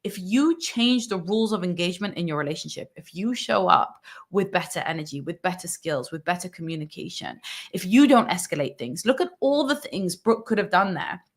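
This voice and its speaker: A woman's voice: on the low side, animated, a little fast. A woman relationship coach talking earnestly to her viewers, often checking in with "right?" and acting out sample lines a partner could say. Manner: earnest, coaxing, acts out sample dialogue, tag questions like "right?". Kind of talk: coaching monologue breaking down a film scene.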